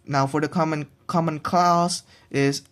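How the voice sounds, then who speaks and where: A young man giving a recorded class presentation on pronunciation. He talks haltingly, restarts often and draws out his example words. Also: on the high side, steady tone, a bit bright. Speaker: student presenting a pronunciation assignment.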